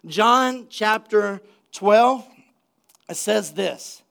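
A male pastor with a notably high voice preaching to his church congregation. He is energetic and conversational, breaking from scripture reading to joke and to ask the room for an amen. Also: normal speed. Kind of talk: sermon. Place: church sanctuary.

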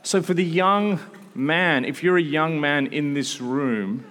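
A man in his thirties delivers a sermon to a live room, his voice sitting a touch high for a man. He tells stories with lively asides and restarts. Long reverb from the hall trails behind his words. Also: slow. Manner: animated storytelling with asides. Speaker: preacher. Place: large hall with an audience.

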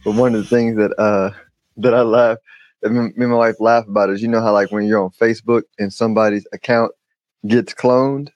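A man's voice: fairly low pitch, steady tone, fairly quick, a little mellow, no room sound, highs cut off. A man hosting a podcast in casual chat, often restarting his sentences and laughing easily. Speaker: podcast host.

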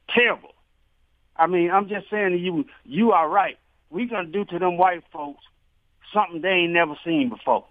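A man's voice: a little high, no room sound. A man calling in to a radio show, talking in a colloquial, drawling way and repeating himself. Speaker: caller. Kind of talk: phone-in call. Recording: tinny phone line.

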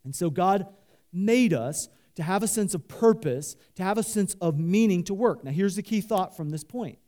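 Preaching at a normal speed in a high male voice, an animated pastor leads his congregation in call-and-response. His delivery is loose, full of fillers and restarts.

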